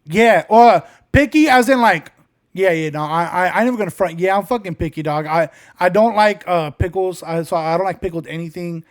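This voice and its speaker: A man's voice: sits high, a little fast. A young man co-hosting a casual podcast, telling rambling stories with lots of swearing and acted-out quotes. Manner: rambling storyteller, swears often, acts out quotes. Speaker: podcast co-host.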